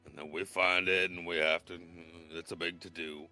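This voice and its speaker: A man's voice: sits low, level tone, normal speed, bright, forceful tone, soft background music, full character voice. A man voicing a rambling male traveler in a put-on accent, hesitant and full of restarts.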